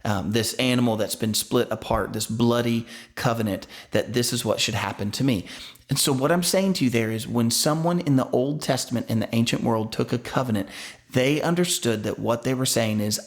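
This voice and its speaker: Pastor guy in his 30s preaching, chatty, asks the room stuff, mid-pitched voice. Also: normal speed. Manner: conversational, asks the listeners questions, restarts words. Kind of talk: sermon.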